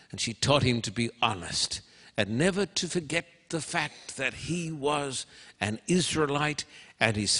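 A man delivers a sermon slowly and deliberately, leaning into dramatic pauses. His middle-pitched voice rings out in a large hall, with a long reverb trailing each phrase. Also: fairly bright tone. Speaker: preacher.

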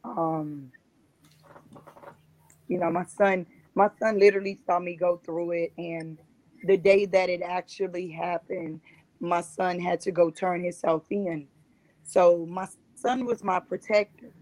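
A woman's voice: lowish voice, fairly even intonation, measured pace, darkish tone, no room sound, poor audio. A woman guest on a talk show, earnestly recounting a personal experience and often repeating herself. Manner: earnest, repetitive storytelling.

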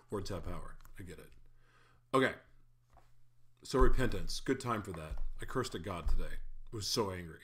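A man's voice: on the low side, a bit bright. A man in a casual spoken faith reflection, candid and self-deprecating, who chuckles often and stumbles over his words.

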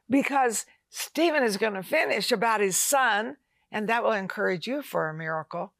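Woman talk show host, exclamatory, animated high voice, dry studio sound. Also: moderate pace, creaky, dry recording. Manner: enthusiastic, exclamatory.

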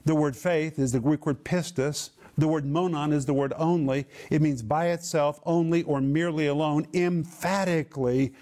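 A man giving a televised Bible teaching, reading scripture slowly and explaining the Greek words. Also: a little high, a little mellow. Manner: slow emphatic phrasing of scripture quotes.

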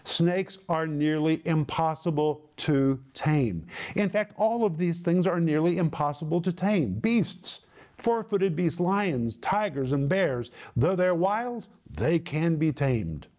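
A middle-aged man teaching a sermon, explaining scripture word by word with deliberate emphasis. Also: a little high, expressive, darkish tone. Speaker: Bible teacher.

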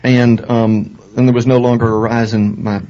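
A man co-hosting a radio talk show, joking in a deadpan, self-mocking way and often repeating words as he goes. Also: mid-range voice, normal speed, lo-fi sound.

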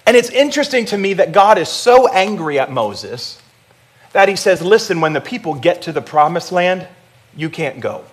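Man, pastor, sermon, conversational preaching, somewhat high voice. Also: sing-song, moderate pace. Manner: conversational preaching with audience prompts.

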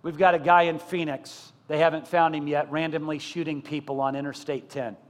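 A fairly high-voiced middle-aged male pastor delivering a sermon in a big church sanctuary, his words trailing off into a long reverb. He rises to loud, emphatic repetition and keeps asking the congregation rhetorical questions. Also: flat delivery, brisk.

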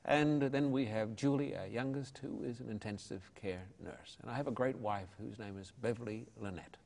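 A man's voice: mid-range voice, moderate pace, vocal fry, darkish tone. An older Australian man, an evangelist and pastor, answering interview questions in a fervent, preacherly way.

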